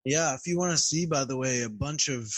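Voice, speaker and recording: A man co-hosting a podcast who adds technical grammar terms and examples in a measured, casual way. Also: mid-range voice, no room sound. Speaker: Greek grammar podcast co-host. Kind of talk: casual teaching chat.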